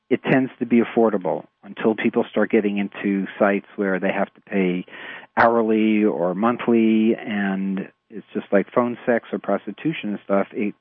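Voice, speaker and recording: A man with a New York accent, a therapist explaining his clients' struggles in a measured, halting way with many fillers. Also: fairly low pitch, no echo. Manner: measured, hesitant with frequent fillers. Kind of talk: explanatory radio talk. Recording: tinny phone-like radio audio.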